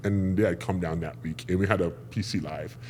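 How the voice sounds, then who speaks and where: A man from Nigeria, a podcast guest telling stories in a lively, animated way and acting out what people said. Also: deep voice, fairly quick, slightly rough. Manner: lively, animated storyteller acting out quoted voices. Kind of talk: casual interview storytelling.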